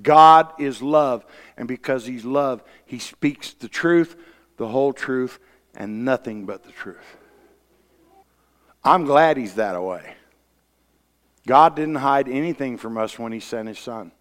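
A man's voice: mid-range voice, slow pace, pauses often. Folksy, blunt male preacher telling stories from the pulpit; long church reverb. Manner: folksy storyteller, blunt, rising to loud emphasis. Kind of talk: sermon with personal testimony. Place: church sanctuary.

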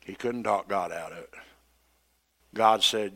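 A man preaching a sermon, retelling scripture with dramatic quoted voices. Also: measured pace. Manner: dramatic, acts out quoted voices with rising pitch and loudness.

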